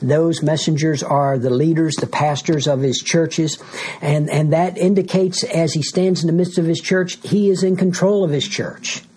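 A man's voice: a little high, fairly even intonation, moderate pace, a little mellow, breathy edge. A man pastor preaching a sermon, explaining scripture in an earnest teaching manner, often repeating words as he goes.

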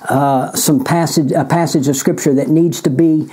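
A man, a pastor giving a bible teaching in a deliberate, emphatic way that repeats key words. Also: fairly high pitch, fairly even intonation, mellow, a little hiss or hum. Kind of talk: sermon-style bible teaching.

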